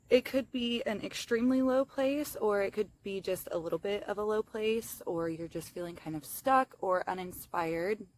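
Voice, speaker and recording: A woman's voice: lowish voice, a little hiss or hum. A young woman with a lisp, chatting casually and apologetically outdoors in a self-help vlog, with lots of fillers. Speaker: vlogger.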